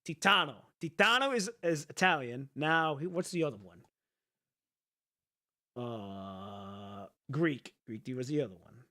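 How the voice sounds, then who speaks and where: A man chatting casually to his viewers, rambling and thinking out loud with the odd swear. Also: mid-range voice, expressive, measured pace. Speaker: streamer.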